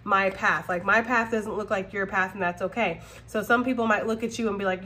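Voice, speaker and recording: A woman's voice: mid-range voice, normal speed, hardly any pauses. Blunt, profane tarot reader woman. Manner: blunt, profane, talks straight to viewers with frequent "okay?"; animated, laughs often. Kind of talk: casual tarot reading monologue.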